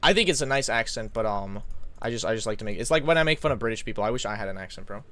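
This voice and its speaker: A man's voice: fairly low pitch, lively intonation, rapid-fire, a bit bright. A young man live-streaming in casual chat, slangy and rambling as he thanks donors and reacts to guests.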